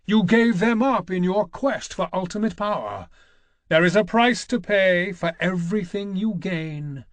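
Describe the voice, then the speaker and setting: A man's voice: high voice, lively intonation, unhurried, no echo, voice pushed up. A man voicing a silken, menacing god of war. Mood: scornful. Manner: mocking, scornful. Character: malicious male god of war, voice from flames. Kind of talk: audiobook character voice.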